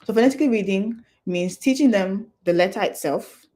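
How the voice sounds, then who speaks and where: A woman's voice: mid-range voice, a little fast, mellow. A young adult woman speaking at a conference, explaining step by step in an earnest, practical way. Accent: non-Nigerian English accent. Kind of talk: talk to an audience.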